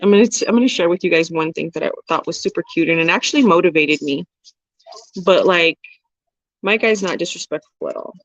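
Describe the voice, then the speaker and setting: A woman's voice: lowish voice, fairly quick, no echo, lo-fi sound. A woman in her forties hosting a casual livestream, reading viewer comments and chatting candidly, swearing and laughing freely. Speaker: livestream host.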